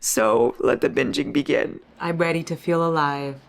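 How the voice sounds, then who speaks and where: A woman's voice: deep voice, moderate pace, gravelly. A young woman reading and gushing in a casual, emotional book vlog, swearing freely. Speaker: book vlogger.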